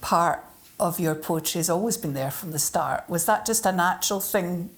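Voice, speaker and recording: Woman interviewer on stage, lowish voice, halting and full of restarts. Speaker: festival interviewer. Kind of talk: onstage interview.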